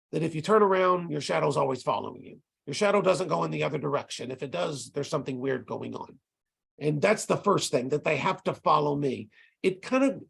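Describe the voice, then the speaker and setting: Older male ESL teacher, gravelly and a bit husky, chatty video-call workshop delivery with lots of restarts. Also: fairly high pitch. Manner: conversational, with frequent restarts and repeated words. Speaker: ESL teacher presenting to tutors. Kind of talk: online tutor training talk.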